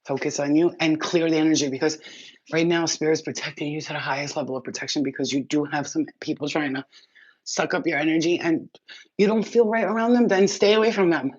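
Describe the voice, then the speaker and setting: A woman's voice: deep voice, fairly even intonation, brisk, darkish tone, husky, no room sound. Woman, spiritual reader, casual livestream chat, blunt, swearing, rambling, muffled lo-fi sound, dry. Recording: dull lo-fi, dry.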